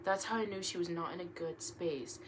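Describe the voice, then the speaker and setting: Background noise fills a room at home where a young woman reads online stories aloud in a fairly low voice at a moderate pace. Animated and casual, she interrupts herself with laughter and jokes and stumbles over words.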